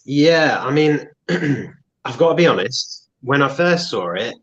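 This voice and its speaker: Measured man on a muffled line. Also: medium pitch, expressive, fairly bright tone. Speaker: panelist. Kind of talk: casual chat. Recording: dull lo-fi remote audio.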